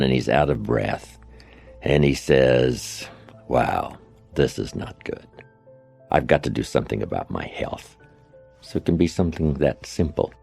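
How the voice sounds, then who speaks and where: Gravel-voiced man, very deep and husky, telling folksy stories from a stage. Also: a little mellow. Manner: folksy anecdotes with asides to the audience. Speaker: motivational speaker. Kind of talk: storytelling motivational speech.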